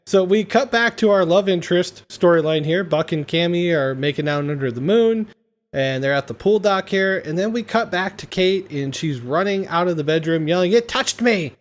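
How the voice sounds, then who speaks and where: A man's voice: sits high, moderate pace. A man hosting a casual podcast, retelling a comedy film scene by scene and laughing often. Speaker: podcast host.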